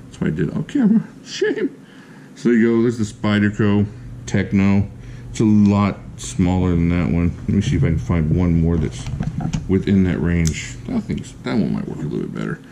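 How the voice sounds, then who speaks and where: Enthusiastic low-voiced man reviewing a knife. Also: dark tone, a little hiss or hum. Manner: enthusiastic, chatty, laughs often. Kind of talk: casual product review.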